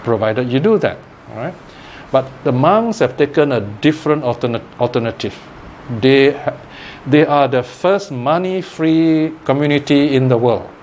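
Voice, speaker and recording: A man's voice: medium pitch, animated, normal speed, darkish tone, a little hiss or hum. A man giving a Buddhist Dharma talk in a conversational teaching manner, often checking in with "okay?" and "right?".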